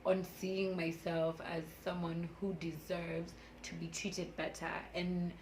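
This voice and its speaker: A woman's voice: lowish voice, flat delivery, a little slow, few pauses, darkish tone, a little hiss or hum, poor audio. A woman in her twenties speaking candidly and emotionally in a personal motivational vlog, laughing often. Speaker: vlogger.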